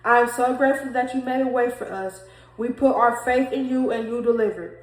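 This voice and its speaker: A woman's voice: a little high, a little fast. Emotional woman in an echoey room. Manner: emotional, talks straight to viewers, repeats herself. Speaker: vlogger sharing a faith testimony. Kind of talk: casual testimony vlog.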